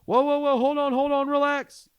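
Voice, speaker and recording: A man voicing a jumpy male police officer in a high, urgent, exaggerated voice. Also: little pitch movement, moderate pace, no room sound. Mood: alarmed.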